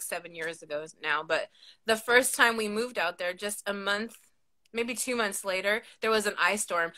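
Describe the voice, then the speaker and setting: A woman with a lisp hosting a casual chat, animated and quick to swear and laugh. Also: medium pitch. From Southern California. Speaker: podcast host.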